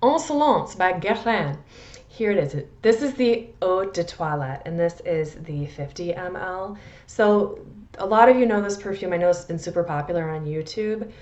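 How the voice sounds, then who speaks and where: This perfume vlogger from the Midwest USA speaks in a mellow, somewhat low voice at a normal pace, with a Midwestern accent. Her casual review wanders a little, full of self-deprecating asides and frequent restarts. The recording sounds dull.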